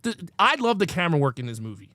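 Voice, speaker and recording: A man with a fairly high voice, co-hosting a laid-back film review chat. He retells favorite scenes with lively, enthusiastic energy and drops casual swear words along the way. The sound is close and dry, with no room around it. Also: fast, dry recording. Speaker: podcast co-host.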